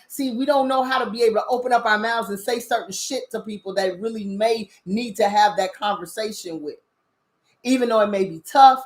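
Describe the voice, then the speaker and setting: A woman hosting a spiritual talk show, preaching bluntly with lots of profanity and repeated "you understand?" questions. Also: on the high side. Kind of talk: casual spiritual commentary.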